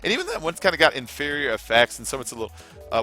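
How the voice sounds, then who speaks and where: A man's voice: fairly high pitch, animated, very fast, bright, forceful tone, soft background music. Chatty, rambling male game streamer. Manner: rambling, chatty, swears casually, reads chat aloud. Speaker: gaming livestream host. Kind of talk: live gameplay commentary.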